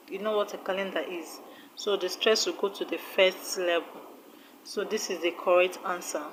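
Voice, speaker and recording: A woman's voice: fairly low pitch, a little hiss or hum, rough recording. A woman with a Nigerian accent teaching an online exam-prep lesson, patiently repeating each word and sounding it out syllable by syllable. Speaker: English teacher.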